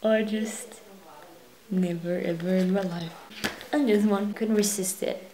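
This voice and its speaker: A woman's voice: medium pitch, unhurried, a little mellow, slight background noise. Giggly rambling young woman vlogging. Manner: rambling, giggly, self-correcting. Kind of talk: casual rambling vlog. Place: her own bedroom, indoors.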